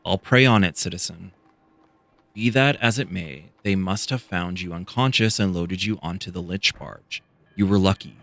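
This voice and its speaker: A man voicing a kindly male priest and healer in a video game, reading his lines in a soft, consoling way. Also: low-pitched, normal speed, vocal fry, no room sound. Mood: gentle. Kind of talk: reading game dialogue aloud.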